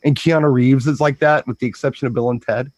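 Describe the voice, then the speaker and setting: A man's voice: mid-range voice, fairly even intonation, no echo. A man who works as a DJ, talking casually in a rambling way. He repeats words as he goes and drifts into stories. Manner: rambling storyteller, repeats words, breaks into quick impressions. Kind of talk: casual chat.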